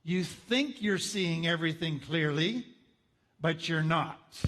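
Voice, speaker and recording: Earnest high-voiced man lecturing in a hall. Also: fairly bright tone. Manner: earnest, explanatory, acts out inner thoughts. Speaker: counselor teaching a course. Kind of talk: recorded lecture.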